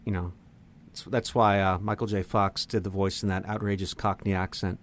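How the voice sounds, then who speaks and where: Deadpan, low-voiced man riffing. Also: normal speed, slight background noise. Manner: deadpan, riffing on made-up bits. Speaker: podcast co-host. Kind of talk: casual comedic chat.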